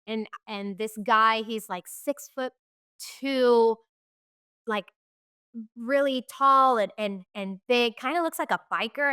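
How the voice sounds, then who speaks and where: A woman's voice: fairly high pitch, measured pace, a bit bright, smooth, no echo, clean studio sound. A young woman candidly recounting her own story in an interview, swearing freely and acting out what others said. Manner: candid, swears freely, acts out quoted voices. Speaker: guest telling her life story.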